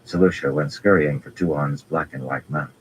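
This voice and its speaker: A man reading a fantasy novel aloud as an audiobook narrator, in a measured, even storytelling manner. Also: a bass voice, slight background noise, poor audio.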